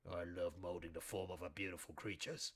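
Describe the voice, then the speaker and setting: A man voicing a deep-voiced male pig who works as a taxidermist, with a slow, smooth delivery. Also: steady tone.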